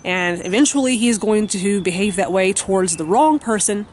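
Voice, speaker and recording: A woman's voice: mid-range voice, animated, normal speed, a little mellow, a little hiss or hum. A woman vlogging at home, telling a story to the camera in a blunt, profane way with lots of fillers.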